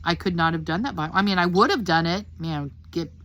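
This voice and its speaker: A woman's voice: fairly low pitch, brisk, a bit bright, a little hiss or hum. An older woman giving a casual personal testimony about her faith, talking in an earnest, heartfelt, rambling way. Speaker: Christian testimony speaker.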